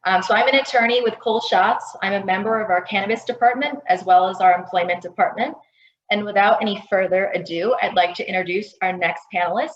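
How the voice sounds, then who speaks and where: Co-moderator: courteous woman, mid pitch, uses plenty of ums, echoey lo-fi line. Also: brisk. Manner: polite, with frequent ums. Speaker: attorney, co-moderator. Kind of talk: panel introductions. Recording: roomy lo-fi call audio.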